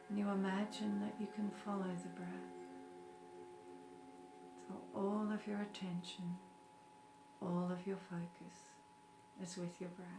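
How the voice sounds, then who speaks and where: A woman leading a guided meditation in a slow, gentle, soothing way. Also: lowish voice. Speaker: meditation teacher. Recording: roomy with music behind. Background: soft music.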